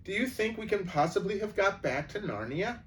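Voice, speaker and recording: A man voicing a frightened, eager young schoolgirl in a read-aloud storybook, talking high and pleading. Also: sing-song, slow. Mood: hopeful. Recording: distant mic, faint background noise.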